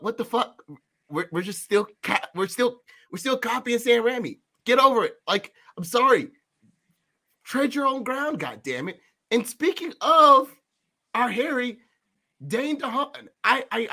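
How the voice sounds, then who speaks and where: Male podcast co-host, high bright voice, animated ranting delivery. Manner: animated, swearing, ranting with sudden high outbursts. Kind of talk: casual movie review chat.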